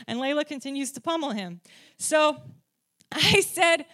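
At a normal speed, a woman preaches to a congregation and asks them questions; her anecdotes make her more spirited, pushing her pitch and volume up.

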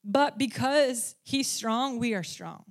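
This woman's fairly high voice is expressive and slow as she teaches about faith in a casual, Christian talk. She uses plenty of "like" and "um" fillers and regularly asks "right?" and "okay?"

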